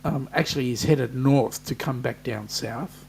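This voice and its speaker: A man's voice: mid-range voice, measured pace, creaky, darkish tone, slight background noise. An Australian man hosting a casual live chat, reading out viewer comments and joking with them.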